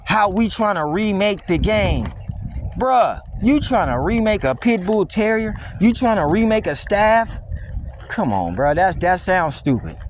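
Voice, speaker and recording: A man with a high voice delivers a blunt, mocking, slang-heavy rant while walking outdoors. He records on a handheld phone, and faint wind and outdoor noise sit behind his voice. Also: animated, measured pace. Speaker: dog vlogger. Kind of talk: casual walking vlog monologue. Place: outdoors on a windy wooded walk.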